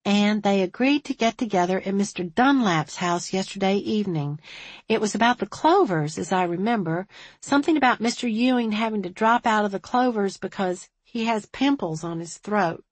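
A woman's voice: medium pitch, animated, moderate pace, no room sound, pitched above the performer's own voice, lightly acted. A woman voicing a chatty small-town switchboard operator who is eager and a bit defensive.

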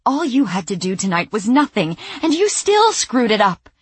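A woman voicing a frantic middle-aged woman who scolds in a shrill, breathless way. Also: sing-song, slow pace, fairly bright tone, slightly rough, no room sound, heavily acted.

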